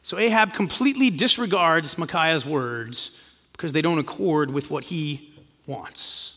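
A man preaches a sermon in a slightly high, sharp, animated voice at a measured pace, telling a story and acting out quoted lines casually. The recording carries long hall reverb.

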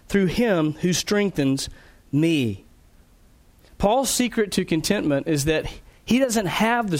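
A man preaching a sermon, earnest and explanatory, slowing down to stress key phrases and often repeating words as he restarts. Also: on the high side. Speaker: pastor.

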